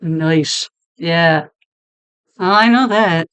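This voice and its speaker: A woman streamer chatting casually with her viewers, her voice deep and hoarse from being sick, laughing often. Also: drawn-out words, a bit bright. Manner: chatty, laughing, talks to chat by name. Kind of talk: casual chat reading stream chat.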